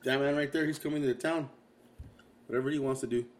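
A man co-hosting a casual podcast chat, emphatic and animated, repeating himself as he talks. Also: mid-range voice, fast talker, a little hiss or hum. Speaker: podcast co-host.

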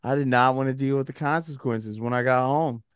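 A man's voice: medium pitch, a little fast, smooth, dry recording, studio quality. A man hosting a podcast in casual, joking chat, asking his co-host questions.

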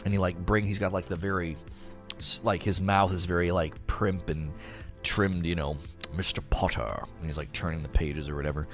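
A man chatting casually on a livestream, rambling and animated as he reads chat aloud. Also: low-pitched, normal speed, faint music behind. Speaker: streamer reading chat.

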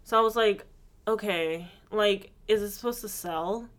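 A woman's voice: mid-range voice, unhurried. A young woman co-hosting a casual podcast chat, blunt and sardonic, swearing freely. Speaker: podcast co-host.

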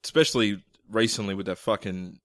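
A man co-hosting a podcast in casual chat, joking, swearing freely and tossing in quick asides. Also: lowish voice, fairly bright tone, no echo, studio quality. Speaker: podcast co-host.

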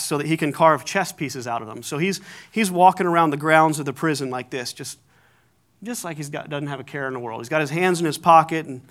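Bright-voiced American man preaching. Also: on the high side. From United States. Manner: conversational, self-correcting, lightly humorous. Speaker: pastor. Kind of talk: sermon.

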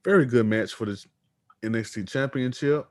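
A man talks wrestling in a relaxed podcast chat, reading out quotes in an easy, unhurried way. His voice sits at a middle pitch. The recording is dry and close, with no room sound. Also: no room sound. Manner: reads news quotes aloud, easygoing. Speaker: podcast co-host.

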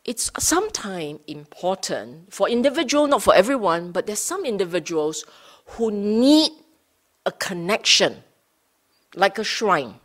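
A woman teaching Buddhist Dhamma to a study group, unhurried, rephrasing her points and often checking in with her listeners. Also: medium pitch, big pitch swings. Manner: rephrases and repeats points for emphasis.

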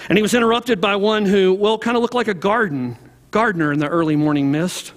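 A man's voice: sits high, big-room sound. A man preaching a sermon as a pastor, retelling a story in a casual, conversational way with many fillers. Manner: conversational, frequent "like" fillers, slows and softens toward the end.

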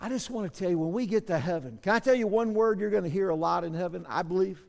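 A man pastor preaching a sermon, moving between soft asides and loud shouted bursts. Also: high voice, fast, creaky, in a large hall.

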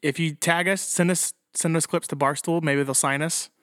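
A man co-hosting a podcast in casual banter, playful and joking, shouting lines when he does impressions. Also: fairly high pitch, fairly even intonation, normal speed, dry recording, studio quality. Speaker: podcast co-host.

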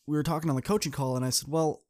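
A man's voice: racing, a little mellow. A man, a student coach and podcast host, tells a story in an earnest, direct way and speaks straight to his listeners. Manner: acts out quoted people with shifts in pitch. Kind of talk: casual podcast monologue telling a story.

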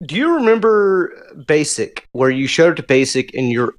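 A man's voice: fairly high pitch, sing-song, normal speed. A man co-hosting a podcast, bantering bluntly with a friend, self-deprecating and swearing freely. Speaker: podcast co-host. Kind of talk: casual podcast chat.

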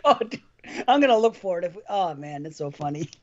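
A man rambles through a casual podcast story, swearing freely and laughing often. His pitch rises and falls in lively swings. The recording sounds slightly dull and lo-fi. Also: a little fast. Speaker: podcast host.

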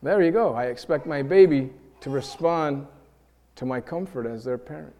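A man's voice: medium pitch, moderate pace, warm tone. Earnest man preaching in a hall. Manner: earnest, building to emotional peaks. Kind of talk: sermon. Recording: long hall reverb.

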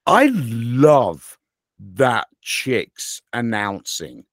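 A man co-hosts a casual podcast, spinning long, profane stories with a lively voice that leaps all over. His pitch sits in the middle for a man. The sound is dry and close, with no room around it. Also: drawn-out words, dry recording. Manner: animated, rambling and profane storyteller. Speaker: podcast co-host.

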